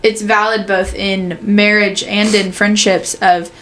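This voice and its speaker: A woman's voice: mid-range voice, little pitch movement, a little slow, a little hiss or hum, poor audio. A young adult woman with a mid-range voice speaks casually as a host. She sounds affirming and engaged as she joins in the conversation. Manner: affirming, frequent soft backchannels. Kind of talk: casual chat.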